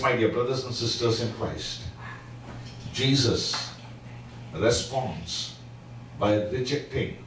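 A man teaching a Sabbath School lesson in a church, preaching slowly and emphatically with frequent fillers. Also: mid-range voice, slight background noise. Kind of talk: church Bible-study sermon. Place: church hall. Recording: echoey hall, mic at a distance.

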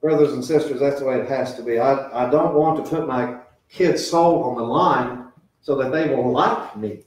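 Recorded from a distance in an echoey church sanctuary, a middle-aged man delivers a sermon as pastor in a mid-range voice at moderate pace. His talk on raising children is earnest and conversational, with quoted voices mixed in.

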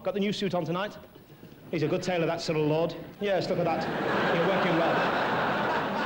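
A man doing a stand-up comedy routine as compere, with cheeky quick-fire jokes. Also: high voice. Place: large theatre stage. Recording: noisy old video tape with audience. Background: audience laughter.

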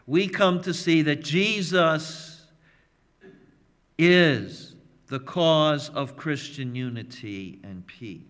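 A man preaching a sermon as pastor, emphatic and measured, leaning on repeated phrases. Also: a little high, a bit bright. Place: church sanctuary. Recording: long reverb of a church hall.

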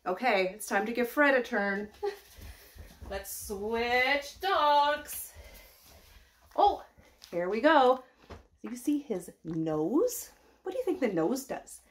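A woman with a high, bright-sounding voice sings and talks to small children at an unhurried pace. Her delivery is sing-song and simple, made for toddlers. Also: big pitch swings. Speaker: early years educator. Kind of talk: singing children's songs with her dogs.

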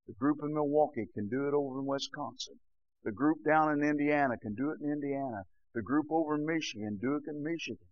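In a lo-fi recording with no echo, an older man gives an impassioned sermon. He alternates low, quiet moments with loud shouting and repeatedly says "bless God."

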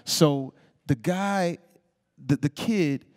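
A man telling stories as a guest on an auditorium stage, animated and laughing, acting out the people he quotes in voices. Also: on the high side, very slow. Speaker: interview guest. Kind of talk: live stage storytelling. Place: stage in a large auditorium before an audience. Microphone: stage microphone.

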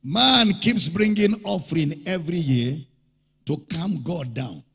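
Man preaching, high lively voice, slow and emphatic, husky, long echo in a big church hall. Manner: emphatic, repeats key phrases, calls for audience response. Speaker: pastor. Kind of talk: sermon.

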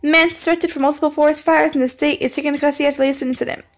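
A young woman playing a horror game, talking to the screen, singing along and yelling when scared. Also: sits high, fairly even intonation, rapid-fire. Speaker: gaming channel host. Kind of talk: horror game let's play commentary.

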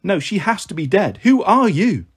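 A man's voice: high voice, very animated, moderate pace, slightly rough, heavily acted. A man voicing a young demigod girl who speaks earnestly and gets upset, in a storybook reading.

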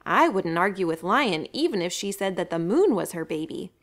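A woman's voice: fairly low pitch, very animated, moderate pace. A woman voicing a cautious gazelle in a children's storybook, dry and wary.

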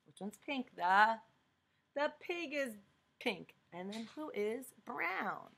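A woman's voice: a little high, big pitch swings, slow, vocal fry, breathy edge. A woman reading a picture book aloud to young children, asking them questions to guess each answer and dropping to a whisper for suspense. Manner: dramatic hushed whispers for suspense.

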